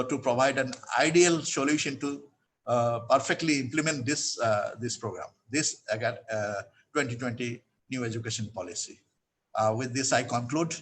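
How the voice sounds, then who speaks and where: A man's voice: mid-range voice, fairly bright tone. A man with an Indian English accent giving an earnest, formal academic lecture as an invited speaker.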